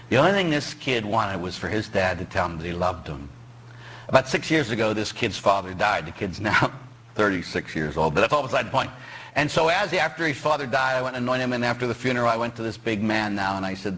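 A middle-aged man from Pittsburgh, a parish priest preaching a sermon, animated and joking as he quizzes his congregation. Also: medium pitch, fairly quick, breathy edge. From Pittsburgh, USA.

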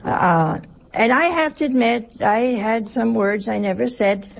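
A woman's voice: a little high, a little slow, gravelly, background noise. A woman, a nun, giving a conversational sermon in a folksy, humorous way, full of rhetorical questions. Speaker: nun preaching.

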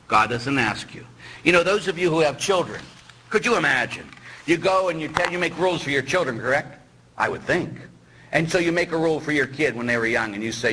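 A middle-aged man, a Catholic priest, giving a lively, teasing sermon in which he acts out the voices of the people he quotes. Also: on the high side, fast, slight background noise, low-quality recording.

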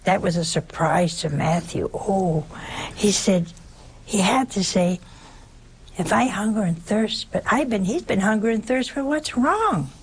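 A woman preaches a sermon with animation, posing many rhetorical questions and acting out small exchanges. Her mid-range voice is slightly rough and she speaks unhurriedly.

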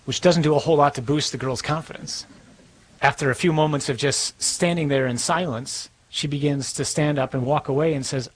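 A man's voice: mid-range voice, normal speed, low-quality recording. A man preaching a sermon as a priest, conversational and emphatic, repeating words for stress.

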